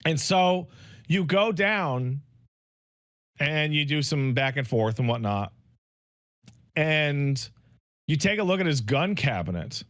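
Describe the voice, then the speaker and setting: A man's voice: fairly high pitch, slow, long pauses, no echo, clean studio sound. A man co-hosting a casual podcast, telling a story with lots of swearing and acted-out bits of dialogue. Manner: animated storytelling, swearing, mock dialogue voices. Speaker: podcast co-host. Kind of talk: casual podcast chat, game recap.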